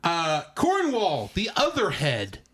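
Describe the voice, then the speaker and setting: Young male podcast co-host, lively and rambling, pitched a bit high. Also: takes it slowly, breathy edge. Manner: animated, rambling with repeated words. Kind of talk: casual movie review chat.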